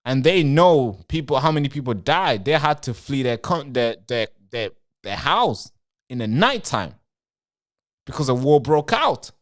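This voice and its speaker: A man's voice: mid-range voice, big pitch swings, unhurried. Man hosting a rambling live stream. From Britain. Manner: talks straight to viewers and answers chat comments, rambling.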